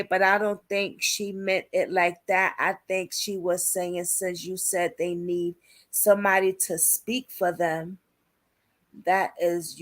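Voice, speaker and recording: Chatty woman hosting a live stream. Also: fairly low pitch. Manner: talkative, reads and answers viewer comments aloud; informal slangy speech. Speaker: livestream host covering a criminal case. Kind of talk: casual live-stream chat with viewers.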